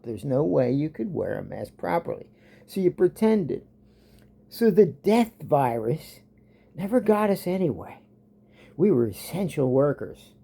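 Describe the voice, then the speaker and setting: A man's voice: fairly high pitch, gravelly, dark tone. A man vlogging a rambling, sarcastic rant about an old job, often trailing off.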